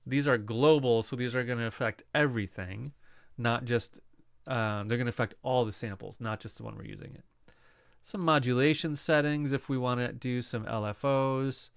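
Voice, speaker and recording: A man explaining music production software in a casual, conversational lesson, asking rhetorical questions as he goes. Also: medium pitch, moderate pace, clean tone, dry recording, studio quality. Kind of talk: screen-recorded software lesson.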